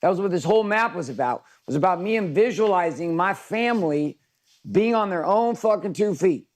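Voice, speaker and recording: A man's voice: high-pitched, lively intonation, a little fast. Casual profane man coaching a workshop. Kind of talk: live virtual workshop talk.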